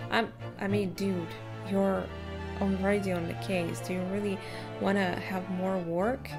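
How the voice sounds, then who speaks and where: Slow soft-spoken woman gamer. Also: mid-range voice, little pitch movement. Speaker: let's player. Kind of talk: game commentary and reading aloud. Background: game music.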